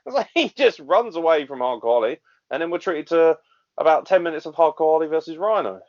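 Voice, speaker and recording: A man's voice: on the high side, a little fast, a little mellow. A man co-hosting a wrestling review podcast, ranting in an exasperated, sweary way with frequent laughs. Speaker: podcast co-host. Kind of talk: casual wrestling review chat. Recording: dull lo-fi podcast audio.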